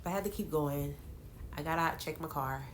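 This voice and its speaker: Low-voiced woman telling a story, animated. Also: a little fast, a little hiss or hum. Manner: animated, dramatic retelling with laughs. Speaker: vlogger. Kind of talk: casual storytelling to viewers.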